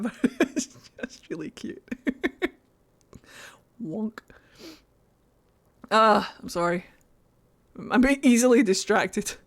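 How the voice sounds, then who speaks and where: A woman streaming a video game, chatting casually and getting easily distracted. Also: medium pitch. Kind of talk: casual chat while gaming.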